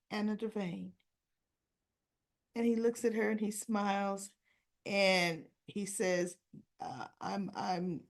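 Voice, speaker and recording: A woman hosting a soap opera recap, chatting casually and acting out bits of dialogue as she retells the episode. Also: medium pitch. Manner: chatty, acts out lines of dialogue.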